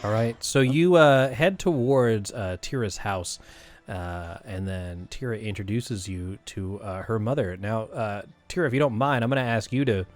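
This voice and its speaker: A man running a tabletop game as game master, relaxed, with frequent fillers. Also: lowish voice, moderate pace, faint music behind.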